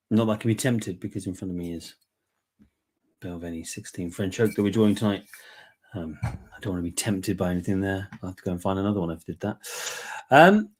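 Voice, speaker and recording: Husky, congested man hosting. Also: on the low side. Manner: relaxed, chatty, many ums and asides. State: congested, bunged up. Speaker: whisky giveaway livestream host. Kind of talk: casual live chat.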